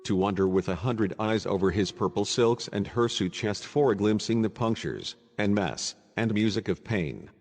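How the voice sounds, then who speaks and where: Low-voiced man narrating an audiobook. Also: normal speed, hardly any pauses, darkish tone, big-room sound, soft background music.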